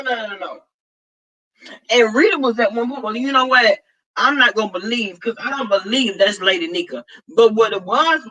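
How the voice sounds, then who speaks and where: Chatty high bright Southern woman vlogger. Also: husky, rough recording. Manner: chatty, dramatic, greets viewers by name. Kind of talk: casual live-stream chat.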